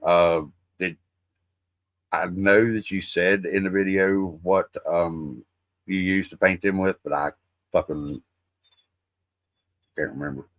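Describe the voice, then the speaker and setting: Bright-voiced man rambling casually. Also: sits low, steady tone, slow, long pauses, no room sound. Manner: rambling, profane, folksy. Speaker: livestream host. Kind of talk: casual livestream chat.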